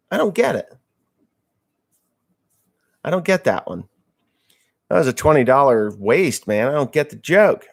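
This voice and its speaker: A man hosting a casual livestream from home, reading viewer comments aloud and joking crudely. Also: mid-range voice. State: just woke up, a little slow. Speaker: livestream host.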